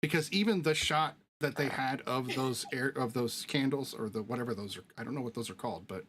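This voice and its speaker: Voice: mid-range voice, fairly quick, fairly bright tone, a little hiss or hum. Laid-back joking film panelist. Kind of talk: casual panel chat.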